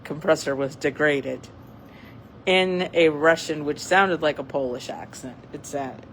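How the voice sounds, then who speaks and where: Slow, rambling casual talker. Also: medium pitch, a bit bright, a little hiss or hum, poor audio. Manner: rambling, with many fillers and restarts. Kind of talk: casual chat.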